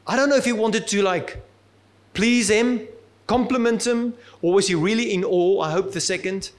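A man's voice: high-pitched, moderate pace. A male preacher giving a sermon in a conversational, humorous storytelling manner.

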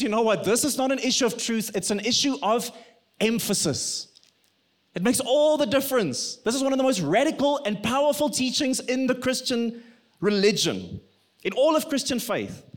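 A middle-aged pastor preaching a sermon in an earnest, conversational way, mixing teaching with family stories. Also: male voice, high-pitched.

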